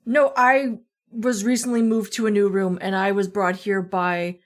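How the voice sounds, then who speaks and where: A woman's voice: mid-range voice, level tone, a little slow. A woman playing a tabletop game in character, hesitant and polite. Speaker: player.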